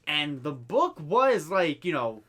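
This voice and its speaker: A young man co-hosting a casual podcast, talking in a halting way with many fillers and restarts. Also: fairly high pitch, big pitch swings, bright, forceful tone. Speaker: podcast co-host. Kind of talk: casual chat.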